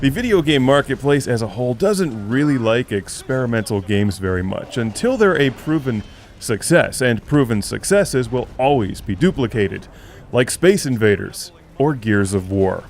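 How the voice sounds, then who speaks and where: A man reads out a video game review as a scripted voice-over. His pitch sits in the middle of the range, and he delivers a steady verdict with dry, wry humor. A faint noise hums behind his voice. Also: normal speed. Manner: wry, with dry joking asides.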